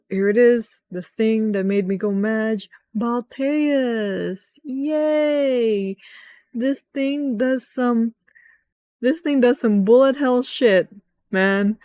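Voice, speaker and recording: A young woman recapping a video game in a rambling, excitable rant, swearing often and jumping up in pitch when frustrated. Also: no room sound. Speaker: gaming vlogger.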